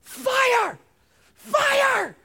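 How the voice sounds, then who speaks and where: A man voicing a frantic male tenant shouting about a fire, in a panicked voice. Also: very high-pitched, big pitch swings, extremely slow, voice pushed up, full character voice.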